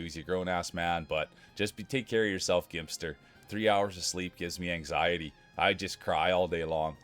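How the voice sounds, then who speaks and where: A man streaming live, chatting casually and excitedly with his viewers and thanking them by name. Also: low voice. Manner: excitable, talks straight to chat.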